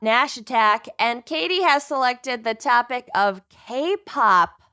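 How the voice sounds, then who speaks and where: A woman's voice: a little high, lively intonation, slow pace, sharp tone. A woman with a Minnesotan accent co-hosting a podcast in casual chat, giggly and full of "like" fillers. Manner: giggly, chatty, many "like" fillers. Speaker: podcast co-host.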